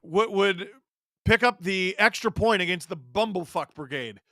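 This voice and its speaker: A man's voice: sits high, unhurried, fairly bright tone, dry recording, clean studio sound. A man hosting a live stream, giving casual sarcastic commentary while watching a game and reading chat questions aloud. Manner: sarcastic, joking banter.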